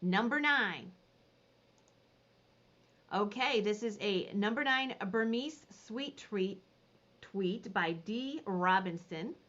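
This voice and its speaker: A woman running a live online consignment auction, describing each item and then calling bids in rapid repeated phrases. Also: mid-range voice, animated, fairly bright tone, muffled recording. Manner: rapid repetitive bid calling.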